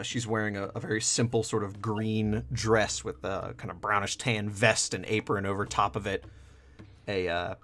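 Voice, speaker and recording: A man's voice: fairly low pitch, a bit bright. A man running a tabletop game, describing scenes loosely with many fillers. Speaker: game master.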